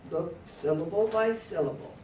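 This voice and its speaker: A mellow, lowish female voice at a moderate pace leads a Hebrew lesson, patiently pronouncing words and asking the class to repeat them one syllable at a time. She sounds distant, in a room with echo and a faint hum.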